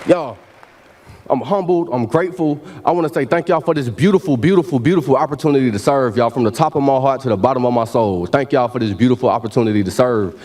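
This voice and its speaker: A man's voice: medium pitch, fast talker, a little mellow. A man, giving a motivational keynote speech at a university ceremony in a preacherly call-and-response style. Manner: preacherly, repeats "y'all" often, call-and-response. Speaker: keynote speaker. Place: large hall at a university ceremony.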